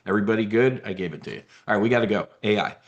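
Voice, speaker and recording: A man's voice: on the low side, racing, muffled recording. Brash, boastful man talking markets. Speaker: trading newsletter host. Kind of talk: live market commentary.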